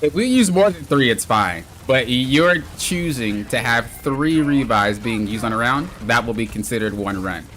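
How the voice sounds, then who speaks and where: A man live-streaming a video game with excitable, exclamatory commentary, yelling at mishaps and trash-talking his friends. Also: medium pitch, moderate pace, few pauses, slight background noise.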